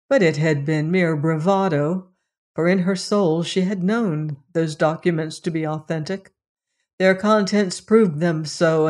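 The voice sits in the mid range as an audiobook narrator works through a novel. The reading of this scripted text stays even and measured.

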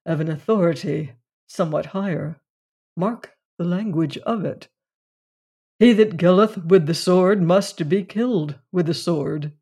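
A slow-paced reader voicing a grave man who speaks with measured, solemn weight. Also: high voice, gravelly, warm tone, breathy edge, full character voice.

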